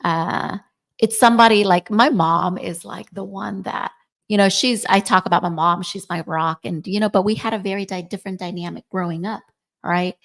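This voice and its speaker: A podcast co-host in her forties chats casually, often ending her points with "right?" to check in. Her mid-range voice is gravelly and a bit bright, with a steady tone and moderate pace.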